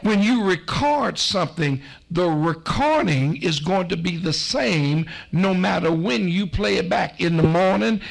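Slow gravelly man preaching a sermon. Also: high-pitched. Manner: slow, emphatic preaching with repetitions and storytelling. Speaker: pastor.

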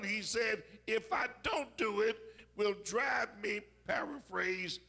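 Husky, gravelly-voiced preacher man. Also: very high-pitched, expressive, slow pace. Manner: storytelling with dramatic shouted peaks. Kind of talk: sermon.

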